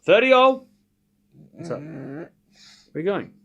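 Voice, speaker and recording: A young man hosting a live tennis watchalong stream, chatting casually and excitedly repeating the score as points are played. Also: fairly high pitch, unhurried, creaky, slightly rough, highs cut off. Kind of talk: live casual play-by-play commentary.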